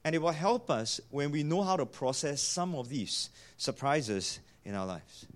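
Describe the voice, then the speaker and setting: Lively, animated man preaching. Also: a little high, unhurried. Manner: animated, emphatic, repeats key lines. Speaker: pastor. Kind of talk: sermon.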